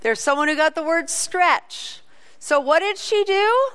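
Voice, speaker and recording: A woman preaching a sermon, telling a story with animated quoted voices. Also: extremely high pitch, unhurried, big-room sound.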